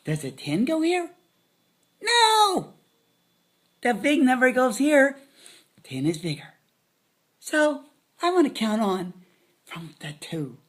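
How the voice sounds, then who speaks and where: A woman's voice: fairly high pitch, very animated, unhurried, long pauses. A woman giving a playful math lesson to children, dropping silly jokes as she counts. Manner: silly, joking asides.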